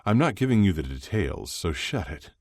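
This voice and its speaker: A man's voice: deep voice, lively intonation, moderate pace, darkish tone, dry recording, studio quality. A man voicing a cheerful young male hockey player who teases his friend. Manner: teasing, laughing easily.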